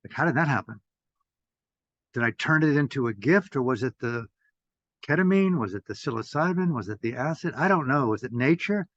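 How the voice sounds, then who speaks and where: An older man giving an impassioned talk as a meditation teacher, swearing freely and swinging between loud bursts and hushed asides. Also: medium pitch, animated, a little fast, dry recording. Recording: dull, dry lo-fi audio.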